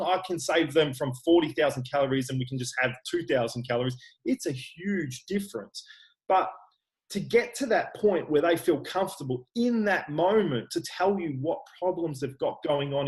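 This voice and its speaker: A fairly high-pitched Australian man, a guest who trains clients online, speaks openly and earnestly in a relaxed interview. He keeps breaking off and restarting his sentences, and the recording quality is low.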